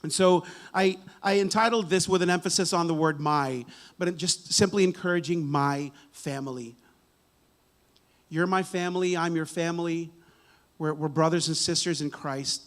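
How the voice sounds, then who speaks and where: A man's voice: fairly high pitch, fairly even intonation, normal speed. A man preaching a church sermon in a casual, conversational way, often restarting words and checking in with "right?". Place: church sanctuary.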